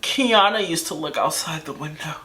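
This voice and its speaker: A woman's voice: deep voice, normal speed, pushed and bright. A woman vlogger telling a personal story in casual, slangy chat, full of asides and rhetorical questions.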